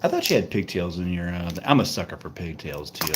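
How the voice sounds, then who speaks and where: A man's voice: low-pitched, very animated, brisk, heavy background noise. Man playfully teasing his live chat. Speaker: live stream host. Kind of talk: casual chat with viewers.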